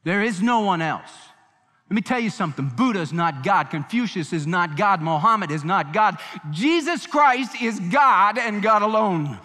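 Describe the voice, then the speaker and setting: High-voiced impassioned male preacher. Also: expressive, normal speed, sharp tone, in a large hall, faint music behind. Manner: impassioned preaching, voicing quotes with emphasis. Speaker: pastor. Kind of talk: sermon.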